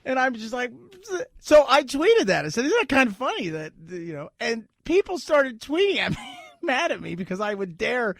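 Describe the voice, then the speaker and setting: A man hosting a talk radio show, giving an opinionated monologue in an animated, sarcastic way, often laughing. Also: very high-pitched, normal speed, creaky, no echo, studio quality.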